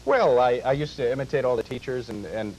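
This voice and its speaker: A man's voice: mid-range voice, fairly quick, a little mellow, slight background noise, poor audio. A man in his twenties, a chatty, self-mocking impressionist, interviewed as a talk show guest. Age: 20s.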